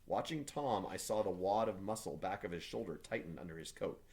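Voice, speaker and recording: A man, a teacher, reading a novel aloud for his class with steady, measured delivery. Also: deep voice.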